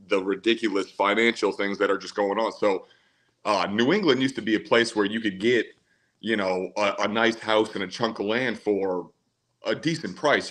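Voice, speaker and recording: A man's voice: fairly low pitch, a bit bright, low-quality recording. A man from Maine calling in to a podcast, chatting in an easygoing, rambling way. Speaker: caller. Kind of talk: casual call-in chat.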